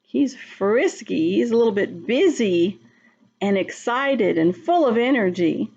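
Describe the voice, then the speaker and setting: A woman reading a picture book aloud to young children, gently pausing to ask them questions. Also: on the high side, lively intonation, breathy edge, lo-fi sound. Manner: slow, gentle, asks the listener questions. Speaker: early-childhood reader.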